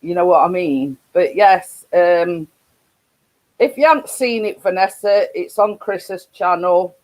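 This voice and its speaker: Slow-talking Yorkshire woman, giggly host. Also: lowish voice, expressive, a little mellow, poor audio. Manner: rambling, laughs often, many restarts. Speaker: live stream host. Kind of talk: casual live stream chat.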